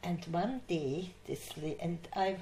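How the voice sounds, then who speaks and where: An older woman from Austria recalls her past in an unhurried, anecdotal way, breaking into laughter now and then. Her voice sits a little low and she takes her time. The room around her rings with echo. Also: lively intonation, dark tone, slight background noise. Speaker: interviewee. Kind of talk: oral history storytelling. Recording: echoey room.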